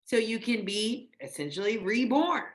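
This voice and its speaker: A woman's voice: a little high, sing-song, normal speed. A woman co-hosting a podcast in casual spiritual chat, emphatic and blunt, swearing casually. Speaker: podcast co-host.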